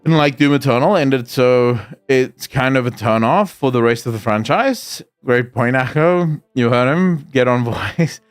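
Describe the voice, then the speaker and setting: A man's voice: medium pitch, a little slow, few pauses, no room sound, faint music behind. A man streaming live, reading viewer comments aloud and answering them in casual chat.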